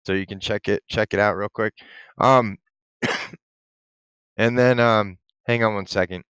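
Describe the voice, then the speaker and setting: A male host giving casual, excited commentary, chatty and quick to laugh. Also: on the low side, clear, resonant tone, no room sound.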